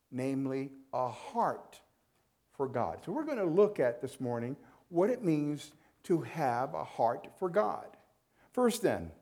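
A man's voice: fairly high pitch, a little mellow. A man preaching a sermon as pastor, emphatic and repeating phrases for weight.

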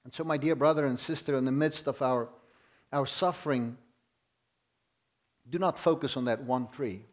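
A man preaching a sermon in an earnest, emphatic way, leaning hard on slow, stressed words. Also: mid-range voice.

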